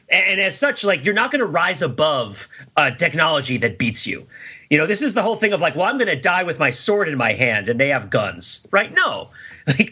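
A man's voice: on the high side, pushed and bright, husky. A man on a podcast panel, talking emphatically and tagging his points with "right?", who says he is losing his voice. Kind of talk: casual podcast discussion.

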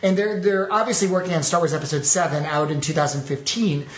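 A man co-hosting a casual podcast, chatty and telling stories with halting restarts. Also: on the high side, fairly even intonation, roomy sound. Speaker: podcast co-host. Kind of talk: casual discussion.

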